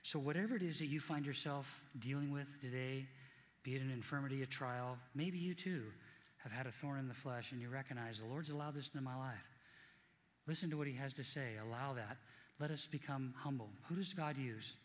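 A man's voice: medium pitch, a little fast, in a large hall. A middle-aged man preaching a sermon as pastor, earnest and conversational, repeating key points for emphasis.

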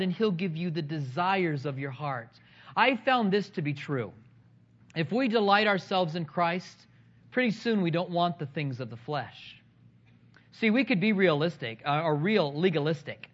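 A man with a high, light voice preaches to his congregation, mixing scripture with humorous, animated anecdotes. The recording sounds slightly dull and lo-fi. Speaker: pastor. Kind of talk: sermon.

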